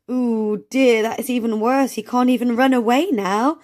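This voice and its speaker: A woman reading an early reader aloud to young children, gently sounding out words and asking encouraging questions. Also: fairly high pitch, fairly even intonation, moderate pace. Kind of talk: children's read-along lesson.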